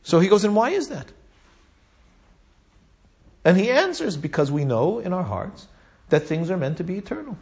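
Brisk and sing-song, this man's high voice is creaky yet a little mellow, with a breathy edge and few pauses. He teaches Talmud, telling a story in a lively Torah class with Hebrew and Aramaic terms and regular "right?" check-ins.

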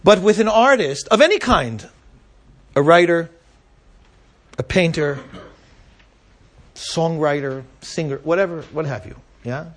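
A man's voice: on the high side, expressive, measured pace, pauses often. A man teaching a Torah class to a live audience, talking conversationally and often checking in with asides like "right?".

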